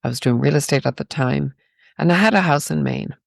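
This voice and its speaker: A woman's voice: sits low, fairly quick, vocal fry, no room sound. A woman from Ireland with an Irish accent, a podcast guest telling personal stories in a reflective, spiritual way. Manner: reflective and spiritual, with rhetorical "right?". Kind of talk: personal storytelling.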